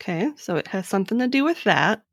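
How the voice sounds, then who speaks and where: A woman's voice: mid-range voice, sing-song, fast talker, dry recording, clean studio sound. Playful woman hosting a quiz chat. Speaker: podcast host. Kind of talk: casual chat, quiz segment.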